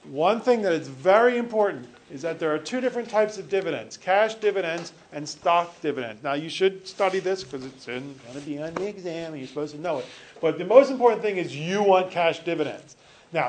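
A man's voice: fairly high pitch, expressive, brisk, a little hiss or hum. A male teacher giving a classroom lecture, joking with students and correcting himself as he rambles.

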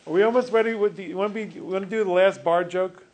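A man's voice: high-pitched, steady tone, quick pace, a little mellow. A male teacher giving a classroom lecture, joking with students and correcting himself as he rambles.

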